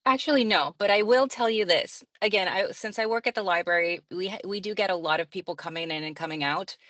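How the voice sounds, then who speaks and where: A woman's voice: mid-range voice, fast, a bit bright, no echo. A woman who narrates audiobooks and works as a librarian, answering interview questions in a chatty way, often laughing and using fillers.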